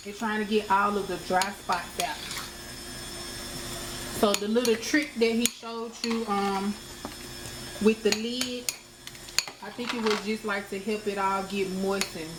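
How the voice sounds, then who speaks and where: A chatty woman talks viewers through a home-cooked meal, speaking easily to them as a friendly cooking vlogger. Her voice rings around a reflective kitchen. Pots and dishes clatter clearly behind her. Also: mid-range voice, fairly even intonation, unhurried, long pauses. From United States. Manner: chatty, addresses viewers as y'all. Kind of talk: casual cooking demonstration. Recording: echoey kitchen with cooking noise.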